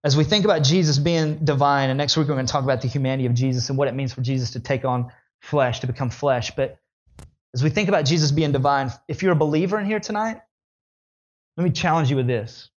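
A man preaches a sermon animatedly and quickly, his voice climbing high whenever he speaks as the questioners. The audio sounds dull.

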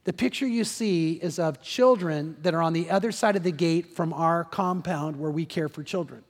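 A man pastor preaching a sermon, building to impassioned peaks and then easing into a quiet prayer. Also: moderate pace, in a large hall. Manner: impassioned preaching that rises in pitch and volume, then drops to a soft prayer. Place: large church auditorium.

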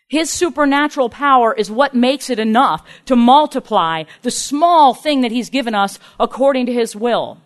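A woman preaching a sermon in an earnest, emphatic way, acting out the people in her stories. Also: sits high. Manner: earnest, emphatic, acts out quoted speakers.

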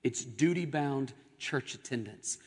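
A young adult man preaching a sermon as pastor, with emphatic rises and dramatic pauses. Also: mid-range voice, expressive, darkish tone, slightly rough. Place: church sanctuary. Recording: long hall reverb.

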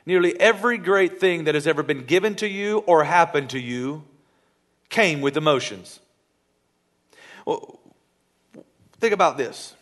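A man preaching a sermon in church as pastor, animated and playful, acting out little scenes. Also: on the high side, measured pace, long pauses.

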